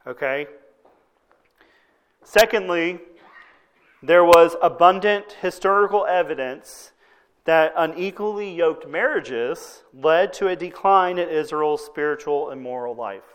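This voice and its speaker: Conversational male pastor, slightly higher voice. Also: measured pace, a bit bright, smooth. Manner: conversational preaching with frequent "okay?" check-ins. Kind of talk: sermon.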